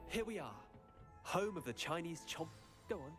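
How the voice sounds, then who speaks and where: A man's voice: fairly high pitch, animated, moderate pace, a bit bright, faint music behind. A young man voicing a brash, scrappy student in a video game who talks in a cocky, chatty way.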